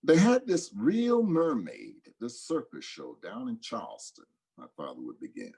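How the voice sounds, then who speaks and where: A man reading folk tales aloud in a dramatic, expressive storytelling manner. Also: medium pitch, moderate pace, gravelly, husky.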